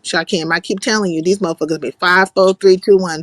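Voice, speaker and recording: A woman's voice: on the low side, steady tone, brisk, few pauses, no echo. A woman hosting a casual livestream chat, blunt and profane, reading out viewer comments and giving her opinion. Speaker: livestream host.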